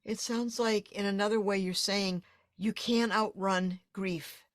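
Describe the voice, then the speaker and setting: A woman hosting an interview, speaking in a warm, affirming and thoughtful way. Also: mid-range voice, fairly even intonation, unhurried, no room sound, clean studio sound. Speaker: podcast host. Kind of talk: interview conversation.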